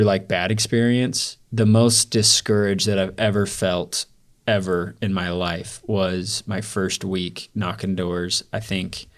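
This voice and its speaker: A young man, a podcast guest, telling a personal story in a loose, rambling way full of "like" fillers. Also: sits low. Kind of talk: storytelling in a casual interview.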